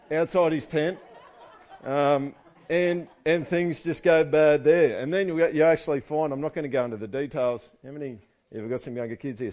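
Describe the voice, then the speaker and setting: A man's voice: medium pitch, dark tone. Joking man preaching. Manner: casual, joking, sarcastic asides. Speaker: pastor. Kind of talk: sermon.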